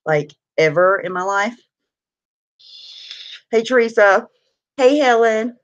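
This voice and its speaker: A woman's voice: a little high, animated, slow, pauses often, muffled recording. A tired woman hosting a casual live stream, chatting with viewers and greeting them by name.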